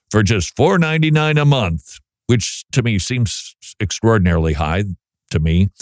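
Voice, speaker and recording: A man's voice: mid-range voice, a little mellow, dry recording, clean studio sound. Wry, chatty man hosting a talk show. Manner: chatty, wry, reads listener emails aloud. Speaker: Christian radio host. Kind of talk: casual talk show commentary.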